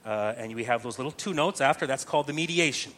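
A man's voice: medium pitch, fast talker, a bit bright. A man patiently teaching how to chant a psalm, step by step, using plain comparisons. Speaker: chant instructor.

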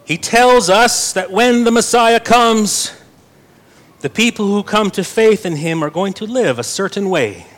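A young man with a slightly high voice delivers a sermon. He reads scripture with earnest weight and breaks in with light, playful asides. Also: a little slow, fairly bright tone. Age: young adult. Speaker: pastor.

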